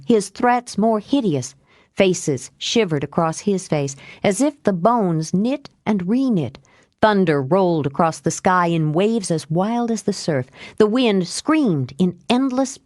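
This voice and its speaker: A woman narrating an audiobook in a measured, unhurried way. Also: fairly low pitch, a little mellow, dry recording, clean studio sound. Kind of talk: scripted narration.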